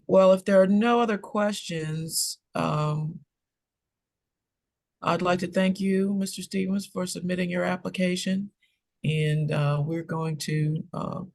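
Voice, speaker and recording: Male committee chair, slightly high and gravelly, halting procedural delivery. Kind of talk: public meeting proceedings.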